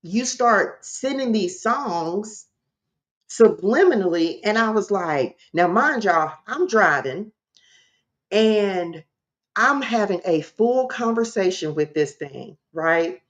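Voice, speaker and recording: A woman, a spiritual coach, telling a personal story to her livestream viewers in an animated, direct way. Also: medium pitch, slow pace.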